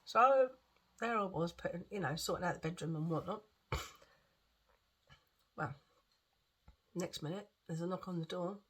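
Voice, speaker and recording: Woman vlogging, husky lowish voice, bit of a cough, rambles and goes back over things. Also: unhurried, pauses often. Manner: rambling, repeats herself, restarts often. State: lingering cough. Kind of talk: chatty storytelling vlog.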